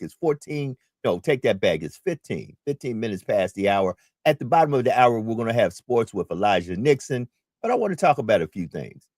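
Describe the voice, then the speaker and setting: A man's voice: mid-range voice, dry recording, studio quality. A man hosting a community talk radio show, speaking in an emphatic, preacherly way and repeating his key points.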